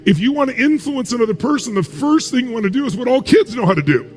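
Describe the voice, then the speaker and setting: A man's voice: very high-pitched, lively intonation, fast. A man giving a motivational talk, emphatic, asking rhetorical questions and answering them himself. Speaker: motivational speaker.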